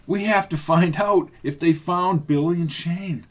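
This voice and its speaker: A man narrating an audiobook, voicing a troubled, emotional young woman in a softly raised, breathy tone. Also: on the high side, a little slow, voice pushed up. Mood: alarmed.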